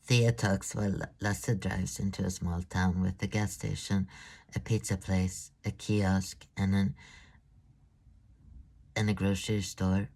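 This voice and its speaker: A man narrating a first-person novel at a very slow, measured pace. His tone is dark and mellow. He sometimes halts and restarts phrases. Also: low voice, level tone, creaky. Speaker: audiobook narrator. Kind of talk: scripted narration.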